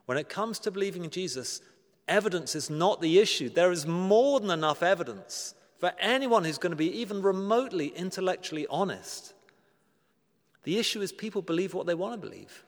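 A man preaching a sermon, earnest and emphatic, slowing down to stress key words and asking rhetorical questions with dry humor. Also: high-pitched, animated. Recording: long reverb of a large hall.

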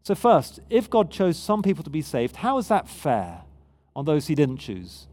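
Preacher, male, fairly high voice, chatty but emphatic sermon delivery. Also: wildly swooping pitch, normal speed, darkish tone. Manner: conversational, emphatic, with frequent restarts.

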